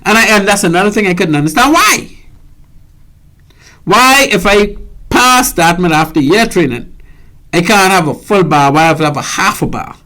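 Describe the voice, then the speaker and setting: Older bahamian guy on the radio, high voice, talks with a lot of swing, stacks up "and, and" while he thinks. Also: lively intonation, a little fast, bright, forceful tone. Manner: emphatic, repeats words while searching, indignant. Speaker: radio show host. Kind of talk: radio talk show monologue.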